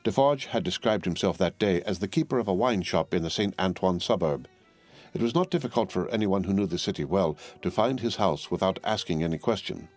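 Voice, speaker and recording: A man narrating a classic novel as an audiobook, in measured, even storytelling. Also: deep voice, faint music behind. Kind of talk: scripted narration.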